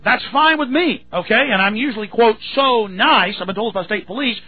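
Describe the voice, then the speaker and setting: A man's voice: sits high, normal speed, slightly rough. A man hosting a talk radio show, telling a story in a rambling, indignant way with many restarts. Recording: tinny phone-like radio sound.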